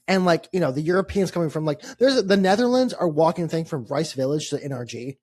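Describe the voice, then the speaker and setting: A man co-hosting a casual sports podcast with a voice that sits a little high for a man. He talks in quick, rambling, jokey bursts and swears casually. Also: expressive, a little mellow. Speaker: podcast co-host. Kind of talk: casual chat.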